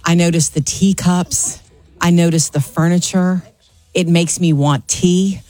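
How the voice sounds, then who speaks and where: A woman's voice: on the low side, steady tone, unhurried, warm tone. A middle-aged woman co-hosting a radio morning show, chatting casually and enthusiastically and laughing easily. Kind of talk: casual chat.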